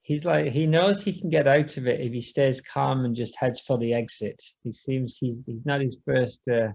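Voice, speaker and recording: A man co-hosting a podcast, chatting casually and reading out scene descriptions in a dry, deadpan way. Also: medium pitch, normal speed, vocal fry, rough recording. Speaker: podcast co-host.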